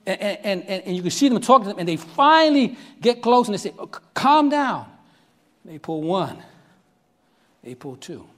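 A man's voice: sits high, moderate pace. A middle-aged man preaching, telling a story animatedly and acting out the voices, often asking listeners if they are following. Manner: animated, acts out voices in quotes, asks the audience if they follow. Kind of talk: sermon storytelling.

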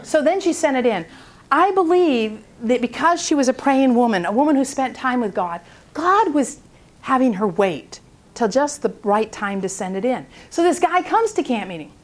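A woman speaking at a prayer seminar, telling a story in an animated way and acting out its people. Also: sits high, normal speed.

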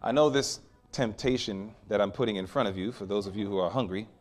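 A man preaching a sermon, animated and storytelling, with sudden loud peaks. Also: lowish voice, brisk.

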